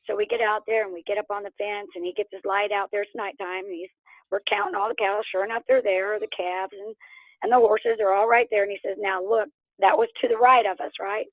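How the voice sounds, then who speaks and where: A woman from Oklahoma tells her story as an interview guest, animated and quick to laugh, voicing the people in it. Her voice comes through a thin, phone-like line with no room sound. It is pitched in the middle for a woman. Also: no room sound. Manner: animated, laughs often, acts out quotes. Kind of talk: casual storytelling.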